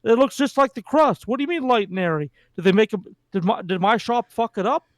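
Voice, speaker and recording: A man's voice: sits high, animated, fairly quick, dry recording. A man chatting as a stream co-host, joking and ranting with crude humor. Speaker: co-host friend. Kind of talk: casual chat.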